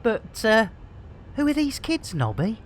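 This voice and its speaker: Lively, rambling woman streamer. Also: fairly high pitch, measured pace, slight background noise. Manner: rambling, jokey, self-mocking, theatrical. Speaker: game streamer host. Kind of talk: live game stream chat.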